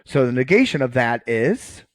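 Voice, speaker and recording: A man's voice: mid-range voice, very animated, normal speed, no echo. A man giving a recorded math lecture, casual and joking, often checking in with "okay" while writing on screen. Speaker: college math professor.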